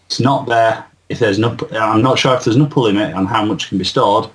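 A man in casual chat, reading out an article and explaining it in a measured way. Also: lowish voice.

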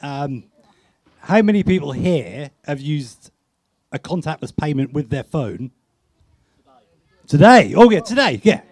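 A man hosting a live tech meetup game, excitable and laughing, with quick countdowns. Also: fairly high pitch, no room sound. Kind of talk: lively game-show style hosting.

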